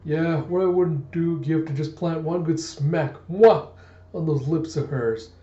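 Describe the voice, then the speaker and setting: A man's voice: fairly high pitch, unhurried, mellow, lo-fi sound, pitched above the performer's own voice, lightly acted. Man playing a swooning bounty hunter, a bit raised, echoey room. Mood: lovestruck. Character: lovestruck, boastful male bounty hunter.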